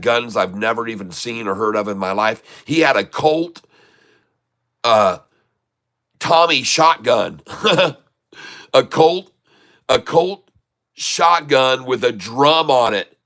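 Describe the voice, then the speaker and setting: Middle-aged guy rambling thru an old story, bright clear voice, doing the other people's lines. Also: medium pitch. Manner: rambling anecdotes with laughs and quoted dialogue. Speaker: trading channel host. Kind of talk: casual storytelling.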